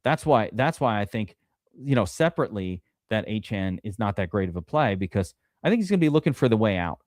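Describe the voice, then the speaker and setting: A man's voice: fairly low pitch, big pitch swings, a little fast, a little mellow, dry recording, studio quality. A man hosting a live fantasy football draft stream, chatting casually and rambling with restarts.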